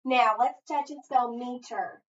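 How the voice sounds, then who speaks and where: A woman teacher with a somewhat high voice guides a phonics lesson, patiently spelling words letter by letter. She sits some distance from the mic in an echoey room. The recording sounds dull and lo-fi. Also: unhurried, slight background noise.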